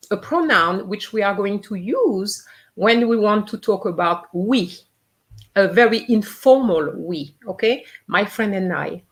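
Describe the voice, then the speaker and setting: Woman teacher, unhurried, repeats phrases carefully for learners. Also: medium pitch. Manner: patient, repeats each phrase slowly to model pronunciation. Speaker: French teacher. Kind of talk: live online language lesson.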